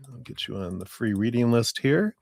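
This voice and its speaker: A man's voice: mid-range voice, animated, moderate pace, vocal fry, no room sound. A man hosting a live tarot reading stream, greeting viewers by name in a friendly, casual way and chuckling often.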